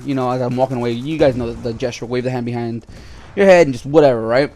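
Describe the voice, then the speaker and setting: A man's voice: mid-range voice, animated, quick pace, a little hiss or hum. A man vlogging casually, telling stories in a flippant, rambling way with asides to his viewers. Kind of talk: casual storytelling to camera.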